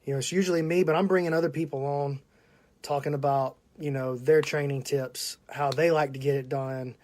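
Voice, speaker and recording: A man's voice: a little high, fairly even intonation, brisk. A man with a Southern US accent hosting a casual live stream, chatting and greeting viewers by name. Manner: chatty, shouting out viewers, laughing often. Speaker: podcast host.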